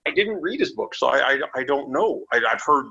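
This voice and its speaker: A man's voice: mid-range voice, a little fast, vocal fry. A man telling wrestling road stories as a podcast guest, acting out voices and swearing freely. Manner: animated, acts out voices in his stories. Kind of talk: casual storytelling. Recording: dull lo-fi podcast audio.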